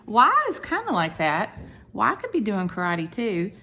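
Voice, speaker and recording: A woman teaching a video lesson for young children at home, animated and sing-song, with whispered asides. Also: mid-range voice, measured pace. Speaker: preschool teacher.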